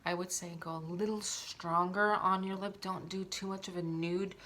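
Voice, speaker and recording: A woman's voice: on the low side, normal speed. A woman chatting casually through a makeup tutorial at home, talking while she applies it. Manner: chatty, relaxed, talks while applying makeup.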